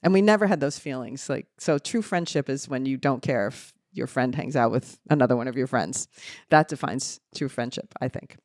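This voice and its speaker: A woman's voice: extremely low pitch, moderate pace, hardly any pauses, no echo, clean studio sound. A middle-aged woman with a New Jersey accent, chatting emphatically as a podcast co-host. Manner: animated, emphatic, talks over others. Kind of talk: casual chat.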